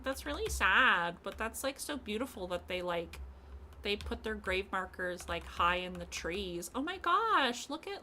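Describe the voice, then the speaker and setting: A woman streaming a farming game, gushing excitedly, swearing freely and reading the game text aloud in casual commentary. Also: medium pitch, a little hiss or hum.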